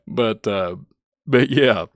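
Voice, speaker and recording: A man with a Kentucky accent, hosting his channel and chatting casually, rambling and chuckling often, turning soft and emotional. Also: medium pitch, dry recording, clean studio sound. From Kentucky, USA. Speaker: channel host. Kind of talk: casual thank-you vlog chat.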